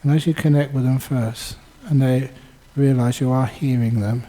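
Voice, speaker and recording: An older man, a Buddhist monk, giving a dharma talk with lively storytelling and chuckles. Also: medium pitch, moderate pace, poor audio. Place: Buddhist centre.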